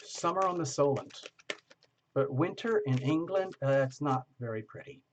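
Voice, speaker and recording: A man's voice: a little high, animated, moderate pace, highs cut off, a little hiss or hum. A man doing a live-stream tarot reading, chatty and reassuring, often checking in with his viewers. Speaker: tarot reader.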